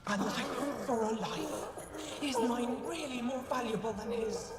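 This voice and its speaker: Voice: medium pitch, takes it slowly. An actor voicing a frightened captive alien AI in a video game, fearful and bitter. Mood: cold. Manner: fearful, pleading then coldly reasoning. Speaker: game character. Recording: echoey game audio with loud music.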